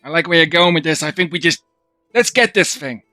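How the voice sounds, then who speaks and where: A man's voice: a little high, lively intonation, brisk, pushed and bright, no room sound, faint music behind. A man playing a tabletop game, talking loosely and casually in character. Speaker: player voicing Withers.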